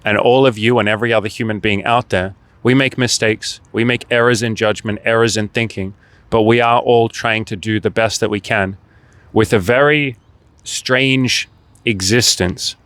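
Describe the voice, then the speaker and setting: A man's voice: on the low side, fairly even intonation, normal speed, fairly bright tone, clean tone, no room sound. A man speaking as a dating and life coach in a direct-to-camera motivational monologue, blunt and emphatic, swearing freely and firing off rhetorical questions.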